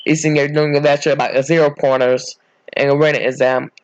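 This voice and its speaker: Man, rambling fan storyteller, casual, slightly high voice, dull dry lo-fi sound. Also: flat delivery, brisk, background noise. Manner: rambling, self-correcting, casual. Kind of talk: improvised fan story narration.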